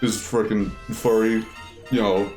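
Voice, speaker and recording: A man's voice: lowish voice, level tone, measured pace, a little mellow, soft background music. A man chatting casually while playing a video game, thinking aloud with many fillers. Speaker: let's play streamer. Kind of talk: casual gameplay chat.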